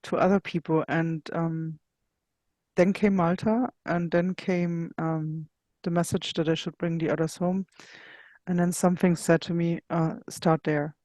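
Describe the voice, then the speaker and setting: Woman telling a personal story, unhurried and searching. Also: on the low side, little pitch movement, dark tone, no room sound. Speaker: interview guest. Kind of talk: casual interview storytelling.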